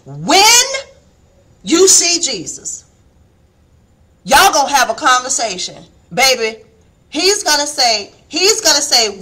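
A middle-aged woman, preaching a folksy, animated devotional sermon on a live stream and calling her listeners baby and honey. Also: a little high, a little slow. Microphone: phone or webcam on a live stream.

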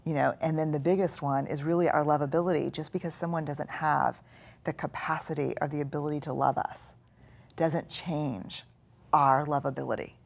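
Low-voiced woman, guest in a live talk, earnest, goes soft and quiet a lot. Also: fairly even intonation, moderate pace, gravelly. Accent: Texan. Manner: earnest, reflective, drops to soft quiet tones. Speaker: guest speaker. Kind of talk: live conversation.

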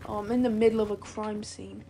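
Over noisy game audio with gunfire and clicks in the background, a female gaming channel creator offers rambling, casual commentary that frequently corrects itself. She speaks briskly in a mid-range voice with little pitch movement and some vocal fry.

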